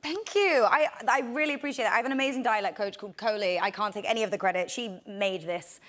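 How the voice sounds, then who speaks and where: A young woman with an English accent, a guest on a talk show, telling animated stories and laughing often. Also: medium pitch, fast talker. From England. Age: young adult. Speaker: actress guest. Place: TV studio.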